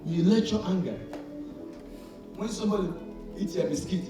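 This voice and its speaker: Speaking at a normal speed and pausing often, a high-voiced man delivers a call-and-response sermon in which listeners fill in his words. His loudness moves up and down as he plays out little scenes. Faint music runs under the distant, heavily echoing hall recording.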